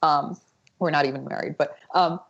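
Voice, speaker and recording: A woman guest talks over a video call in a drawling, ironic, provocative way. Her voice is low, and the call audio is dull and muffled. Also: steady tone, normal speed, slightly rough. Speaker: podcast guest.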